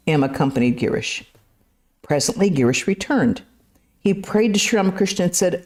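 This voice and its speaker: Woman reading scripture to a class, low pitch, mellow warm tone, measured pace. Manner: steady, measured reading with brief asides. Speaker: scripture reader.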